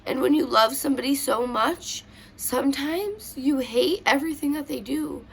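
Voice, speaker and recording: With a high voice, moderate pace and vocal fry, a young woman vlogger tells tearful childhood stories at home as she does her makeup. The talk is casual and personal, emotional and meandering, thick with fillers.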